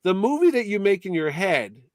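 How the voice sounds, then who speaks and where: A man from Connecticut hosting a casual chat, telling a story in a lively way and acting out the voices of others. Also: high-pitched, normal speed, no room sound. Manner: animated, acts out quotes in put-on voices. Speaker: podcast host.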